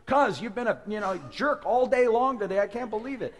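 A man's voice: high voice, a little fast, voice pushed up. A man voicing an indignant, exasperated prophet complaining to his donkey, in a reverberant hall. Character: exasperated male prophet, grumbling.

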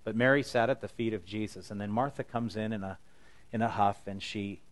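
A middle-aged pastor delivers a sermon in an earnest, conversational style, paraphrasing scripture in his own words. He speaks a little fast, in a lowish voice with fairly even intonation.

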